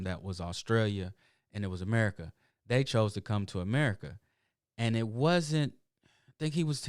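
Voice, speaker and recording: A man's voice: lowish voice, dry recording, studio quality. A middle-aged man, hosting his show in a casual, rambling monologue full of emphatic asides. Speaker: show host.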